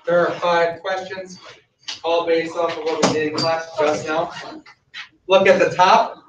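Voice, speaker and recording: A man's voice: a little high, level tone, unhurried, far from the mic, highs cut off, background noise. Masked man teaching math in an echoey classroom. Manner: projecting loudly through a mask, firm and drilling. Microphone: masked, mic at a distance.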